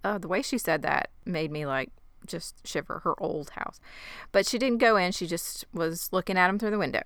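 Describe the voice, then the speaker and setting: Wry, bright-voiced woman recapping a show. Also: fairly low pitch, animated, a little fast, clean tone, dry recording. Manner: wry, sarcastic storytelling, acting out lines. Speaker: podcast co-host recapping a show. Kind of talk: casual chat.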